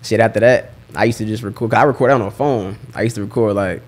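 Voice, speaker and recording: Young man, Southern accent, rapper guest, quick talker, lowish voice, laid-back slang-heavy storytelling. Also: steady tone. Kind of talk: casual interview chat.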